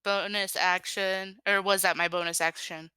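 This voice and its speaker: A woman's voice: mid-range voice, little pitch movement, moderate pace, bright, forceful tone, smooth, no echo. A woman playing a tabletop game, bantering playfully and talking through her dice rolls. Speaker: player.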